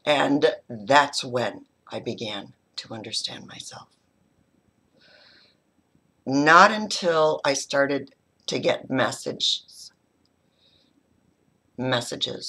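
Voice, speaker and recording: Middle-aged woman, spiritual teacher, husky voice with a lively pitch, heartfelt personal talk. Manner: halting, heartfelt, dips into soft whispers.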